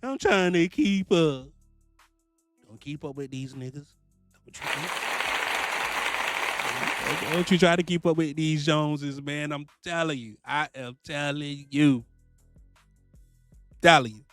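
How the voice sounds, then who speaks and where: A man, giving animated money advice to fellow truck drivers in a casual vlog. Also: a little high, measured pace, pauses often, dry recording, soft background music. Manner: animated, repetitive, preachy, swears freely. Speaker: trucking vlogger, lease purchase owner-operator.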